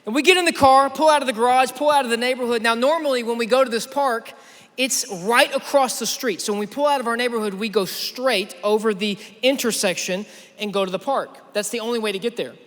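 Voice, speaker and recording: High-voiced man preaching in a reverberant hall. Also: brisk. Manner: energetic storytelling, addresses the crowd directly. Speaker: youth conference speaker. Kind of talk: sermon. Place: large church auditorium.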